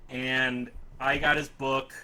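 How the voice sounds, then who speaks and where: A man's voice: mid-range voice, little pitch movement, slow, bright, forceful tone, low-quality recording. A man hosting a casual music podcast, talking in a rambling, enthusiastic and self-deprecating way. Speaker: podcast host.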